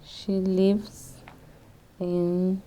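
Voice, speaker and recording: A woman learning English in a one-on-one lesson, answering hesitantly in short phrases with pauses and fillers. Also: medium pitch, flat delivery, mellow, low-quality recording.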